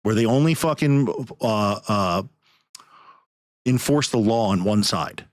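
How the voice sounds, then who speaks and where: A man's voice: lowish voice, expressive, slow pace, dry recording, studio quality. A podcast host man ranting in anger, swearing heavily as he talks. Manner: angry, profane, heavy swearing. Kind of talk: heated podcast rant.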